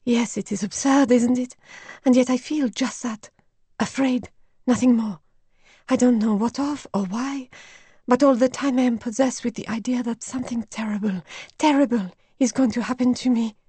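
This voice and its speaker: A woman voicing a frail, weary young woman medium who murmurs softly in a low voice in a storybook reading. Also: fairly even intonation, moderate pace, husky, no room sound. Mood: frightened.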